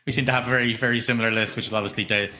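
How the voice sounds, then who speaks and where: A middle-aged man talks video games on a casual podcast. He jokes and swears easily. His voice sits in a mid range with a very bright, sharp edge. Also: medium pitch, fairly even intonation, racing. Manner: laid-back, jokey, swears casually. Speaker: podcast co-host.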